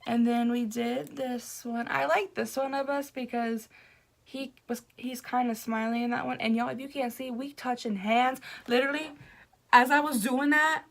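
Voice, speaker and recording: Gushing young woman with a bright voice. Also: a little high, normal speed, creaky. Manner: gushing, excitable, with laughs and self-interruptions. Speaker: vlogger. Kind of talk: casual storytelling to camera.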